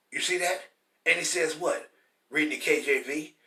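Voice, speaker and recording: A man teaching the Bible in an informal, blunt and profane preaching style, repeating points emphatically and reading verses slowly and forcefully. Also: fairly high pitch. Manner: reads scripture slowly and forcefully. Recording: roomy echo from a distant mic.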